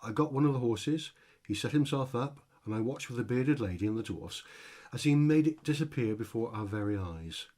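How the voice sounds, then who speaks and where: Man, storytelling narration, husky voice, mid pitch, dry wry comic reading. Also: animated, normal speed, darkish tone. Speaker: author reading his own story.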